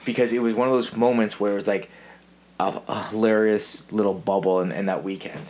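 A man's voice: fairly low pitch, fairly quick. A man in his thirties hosting a podcast, chatting casually and telling stories with frequent laughs. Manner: animated storyteller, laughs often. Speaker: podcast host. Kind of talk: casual chat.

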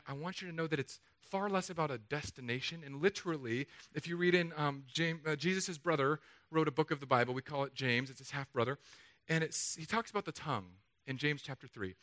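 A man preaching a sermon in a chapel, emphatic and energetic, swinging between loud declarations and quiet asides. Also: on the high side. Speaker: pastor.

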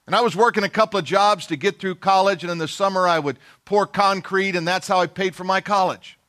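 During a sermon, a middle-aged pastor recounts a personal story with fairly even intonation and a fairly quick pace. His high, bright voice stays folksy and self-deprecating as he mimics the voices of those he quotes.

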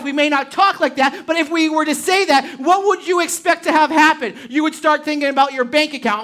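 A woman's voice: sits high, a little fast, a bit bright. A woman preaching a sermon to a congregation, emphatic and full of rhetorical questions. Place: church service before a congregation.

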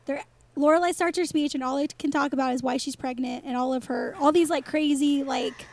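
A woman's voice: high-pitched, fairly even intonation, brisk, no echo. A chatty woman co-hosting a podcast, rambling and laughing as she recaps a TV episode in casual chat. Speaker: podcast co-host.

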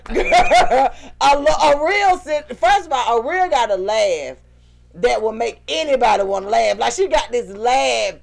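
Woman, gravelly voice, animated storyteller, laughs often, casual podcast chat. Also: fairly high pitch, normal speed. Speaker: podcast co-host.

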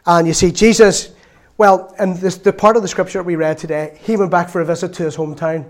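A man's voice: high-pitched, steady tone, brisk. A man preaching a sermon in a chatty storytelling way, with laughs and asides.

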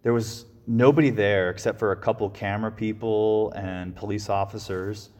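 A man's voice: on the low side, fairly even intonation, normal speed, darkish tone, long reverb tail. A man giving a reflective sermon, often restarting and repeating his phrases. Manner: reflective, with frequent restarts and repetitions. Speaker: preacher.

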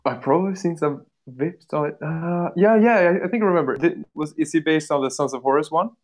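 A man's voice: fairly high pitch, brisk. A man chatting casually about tabletop wargaming with enthusiasm, often laughing. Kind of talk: casual chat.

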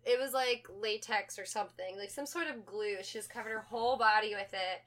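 A woman co-hosting a podcast, telling a story in animated casual chat and acting out the people in it. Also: medium pitch, brisk. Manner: animated storytelling, acts out voices, laughs. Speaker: podcast co-host.

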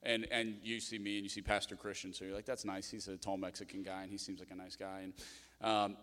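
Pastor preaching in a reverberant hall. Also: male voice, low voice, flat delivery, fairly bright tone. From Louisiana, USA. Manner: conversational storytelling, emotional, quick asides. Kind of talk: sermon. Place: church sanctuary. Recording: long reverb of a church hall.

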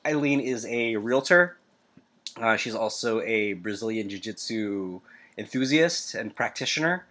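A young man with a fairly low voice hosts a casual podcast intro. He sounds congested, and he rambles, doubling back with many fillers and restarts. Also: lively intonation, a little slow, sharp tone. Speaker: podcast host.

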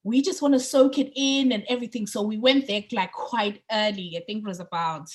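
A woman co-hosting a podcast in casual chat, chatty and getting excited on politics, with lots of fillers and restarts. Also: medium pitch, a little fast. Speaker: podcast co-host.

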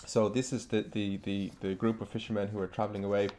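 A man in an academic conversation about folklore, thoughtful, with quick speech and small hesitations. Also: on the low side, flat delivery, warm tone, slight background noise.

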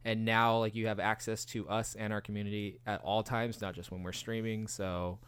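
A man's voice: lowish voice, flat delivery, normal speed, a bit bright, smooth. A man co-hosting a podcast in casual, enthusiastic chat, with lots of "like". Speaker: podcast co-host.

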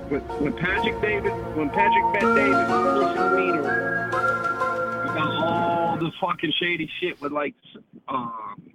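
A man calling in to a talk show, rambling and profane, ending nearly every phrase with "man". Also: fairly high pitch. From United States. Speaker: caller. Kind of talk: casual call-in chat. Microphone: phone call. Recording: tinny phone line with noise.

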